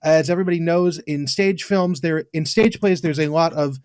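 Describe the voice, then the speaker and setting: A man with an English accent, co-hosting a podcast in casual chat, blunt and quick to dismiss, swearing freely. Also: a little high, a little mellow, clean tone, no room sound, studio quality. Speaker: podcast co-host.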